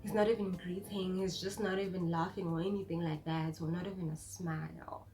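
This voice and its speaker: A woman's voice: on the low side, a little fast, music in the background. Chatty South African woman in her twenties. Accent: South African, Zulu-inflected. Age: 20s. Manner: chatty, animated, code-switching with acted quotes. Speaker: vlogger. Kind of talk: casual storytime vlog.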